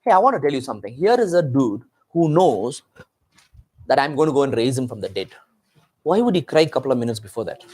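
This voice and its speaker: At a church meeting, a pastor with a slightly high, husky voice preaches a sermon to his congregation. He fires off rhetorical questions and speaks directly to the people in front of him.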